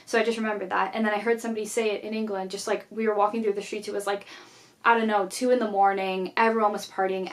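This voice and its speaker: Young female vlogger, chatty casual talk, filler-heavy, conversational delivery. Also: mid-range voice. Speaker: YouTuber. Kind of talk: casual journaling vlog chat.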